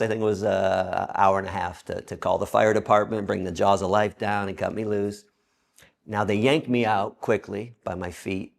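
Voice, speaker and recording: A man with a gravelly, creaky voice tells a story in an interview. He is animated, jumping up in pitch and volume when he acts out other people's lines. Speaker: interview guest.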